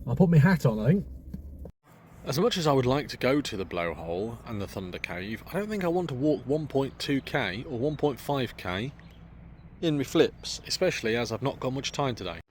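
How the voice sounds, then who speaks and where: A man's voice: medium pitch, very animated, moderate pace. A man chatting casually in a travel vlog, musing aloud as he drives along a coastal road and stops at viewpoints. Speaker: travel vlogger. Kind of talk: casual vlog while driving. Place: in a car and outdoors on a coastal road. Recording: heavy road noise, mic distant.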